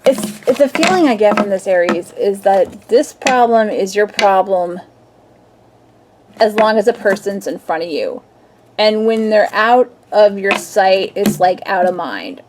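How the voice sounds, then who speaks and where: A woman's voice: mid-range voice, unhurried, background noise. A young adult woman, a tarot reader, chatting casually and playfully through a weekend reading and acting out little scenes.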